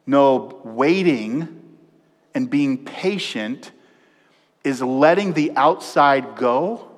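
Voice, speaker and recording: Pastor preaching in reverberant hall. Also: male voice, mid-range voice, very slow. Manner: animated, shifting from loud emphasis to hushed tones. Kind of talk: sermon. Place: church sanctuary.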